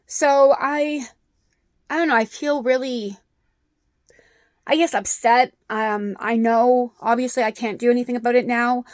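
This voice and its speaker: A woman's voice: fairly high pitch, steady tone, measured pace, no echo, clean studio sound. A middle-aged woman telling an upsetting personal story in a vlog, rambling with many ums. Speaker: vlogger.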